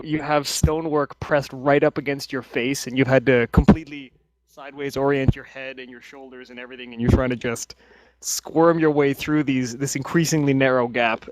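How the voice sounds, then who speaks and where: A man's voice: medium pitch, dry recording. A man narrating a tabletop game as game master, often restarting and hesitating mid-sentence.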